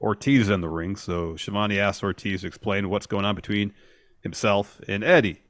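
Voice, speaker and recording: Low-voiced man recapping wrestling, dry sound. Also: moderate pace, no echo. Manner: steady play-by-play recounting. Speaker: podcast co-host. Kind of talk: casual wrestling recap chat.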